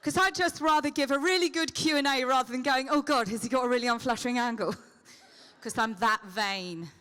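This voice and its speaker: A woman's voice: high voice, fairly quick, sharp tone. A woman on a convention stage speaking into a handheld microphone. She trades playful, teasing jokes with a live audience during a Q&A. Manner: teasing, playful comic patter. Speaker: celebrity convention guest.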